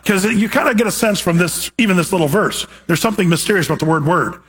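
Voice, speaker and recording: A man's voice: high voice, fast talker, a bit bright, breathy edge. A man preaching a sermon as a pastor, teaching in a conversational way with rhetorical questions.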